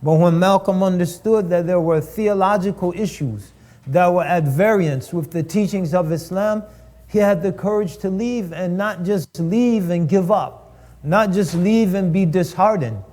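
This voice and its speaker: A man's voice: high-pitched, a little slow, darkish tone. A man giving a preaching lecture at a live-streamed event, building rhetorical lists and repeating phrases for emphasis.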